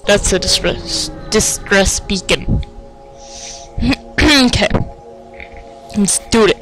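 Slow-talking excitable gamer guy. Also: high-pitched, soft background music, low-quality recording. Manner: excitable, self-mocking, sing-song taunts. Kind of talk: let's play commentary.

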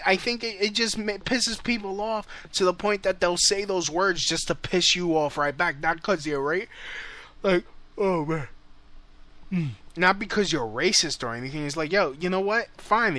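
A man's voice: high voice, bright, forceful tone. A man hosting a call-in show, ranting bluntly in casual, profane talk. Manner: heated, blunt, swears a lot.

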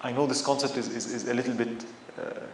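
A man's voice: mid-range voice, fairly even intonation, fast. A man giving a religious lecture, impassioned and full of rhetorical questions that build to emphatic outbursts. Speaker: Islamic lecturer. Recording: echoey room with faint background noise.

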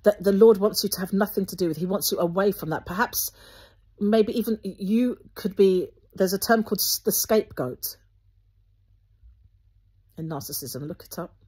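A woman, speaking earnestly to her viewers with Christian encouragement, gently instructive and often restarting her sentences. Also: medium pitch, normal speed, breathy edge. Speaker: Christian video host.

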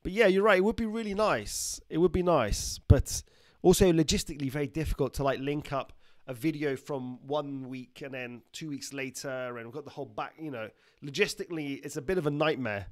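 A man's voice: fairly high pitch, a little fast, no echo. Upbeat man greeting live viewers. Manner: reads out viewer names and greetings, jokey. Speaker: doctor hosting a live stream. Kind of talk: casual live-stream chat.

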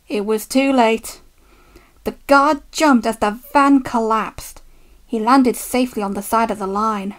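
A woman reading a children's storybook aloud, gentle and unhurried. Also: a little high.

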